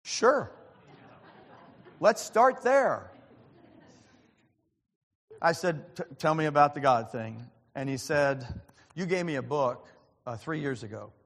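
A man preaching in a church, telling a story with earnest feeling and acting out the other people's lines. His voice sits at an ordinary male pitch. It rings with the long reverb of a large hall. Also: normal speed, a bit bright. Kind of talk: sermon with personal story.

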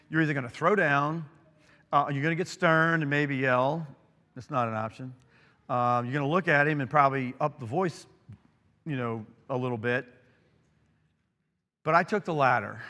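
Earnest preacher in a reverberant hall. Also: male voice, medium pitch. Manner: earnest, swings from emphatic to hushed storytelling. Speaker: pastor. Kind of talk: sermon.

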